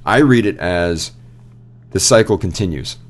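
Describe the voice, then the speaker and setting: Deep-voiced and expressive, a young podcast co-host recounts a story with animation on a casual chat show, voicing characters' lines as he goes. He keeps a measured pace.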